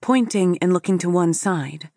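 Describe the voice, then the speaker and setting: A woman's voice: fairly low pitch, normal speed, warm tone, no echo, studio quality. A woman narrating a first-person story for an audiobook in an intimate storytelling manner.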